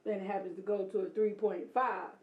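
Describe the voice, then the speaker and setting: A woman's voice: medium pitch, level tone, a little fast, narrow, tinny audio, background noise. A married woman telling candid, laughing stories in a casual podcast chat. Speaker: podcast guest. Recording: echoey room.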